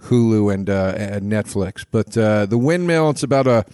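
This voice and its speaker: A man's voice: fairly low pitch, lively intonation, normal speed, a little mellow, smooth, no room sound, clean studio sound. A man co-hosting a podcast who talks about movies in a rambling, blunt and sarcastic way. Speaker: podcast co-host. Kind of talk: casual chat about movies.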